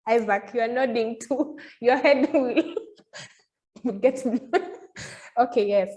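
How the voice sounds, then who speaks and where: A woman's voice: a little high, animated, slow, long pauses, darkish tone. A young woman speaking as a panelist, playful and giggly. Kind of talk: casual panel talk.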